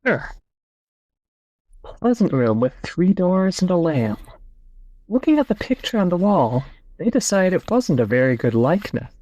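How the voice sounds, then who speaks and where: Over an online call, this podcast host reads passages and mulls them over in a casual, thinking-aloud discussion. He has a high, slightly mellow voice and is very animated yet unhurried, pausing often, with no echo.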